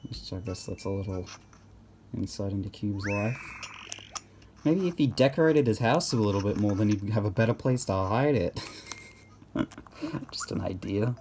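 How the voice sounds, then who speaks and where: Hesitant man with a mellow voice. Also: on the low side, normal speed, long pauses, a little hiss or hum. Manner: rambling, hesitant, many restarts and fillers. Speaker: gameplay commentator. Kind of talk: casual gameplay commentary.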